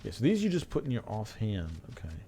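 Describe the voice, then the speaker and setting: A man's voice: on the low side, huge pitch swings, fast, mellow, slight background noise. A man streaming a video game live, chatting casually with swearing and reading game text aloud.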